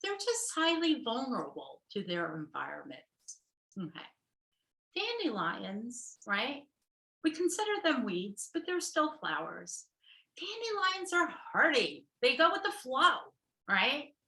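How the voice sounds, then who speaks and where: A woman's voice: high voice, big pitch swings, unhurried, creaky, sharp tone, roomy sound, rough recording. A middle-aged woman therapist giving a casual workshop talk. She chats along, laughs often and keeps checking in with "right?" and "okay".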